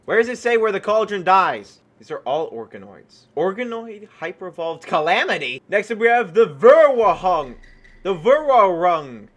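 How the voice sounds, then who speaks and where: An excitable man commenting on his own gameplay as a gaming YouTuber. His voice sits high and swings widely in pitch, with a bright, sharp tone. He often breaks into startled yelps. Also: normal speed, hardly any pauses.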